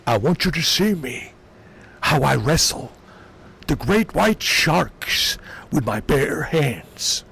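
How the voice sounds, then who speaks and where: A man doing a comedic impression of a boastful older tough-guy ex-wrestler politician, in a slow, gravelly drawl. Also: fairly high pitch, sing-song, fairly bright tone, full character voice. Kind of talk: comedic impression while gaming.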